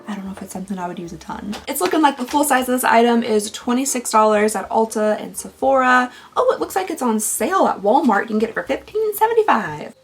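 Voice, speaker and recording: Chatty young woman, slightly high voice. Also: lively intonation, fast talker, hardly any pauses, a little hiss or hum. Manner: chatty, thinks aloud with frequent giggles. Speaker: beauty vlogger. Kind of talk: casual unboxing chat.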